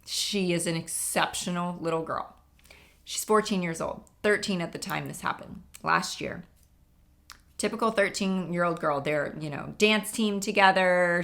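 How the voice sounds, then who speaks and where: A woman's voice: on the low side, moderate pace, creaky, a bit bright. A middle-aged woman hosting an impromptu solo podcast, telling stories in an earnest, emphatic way with asides to her listeners. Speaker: podcast host.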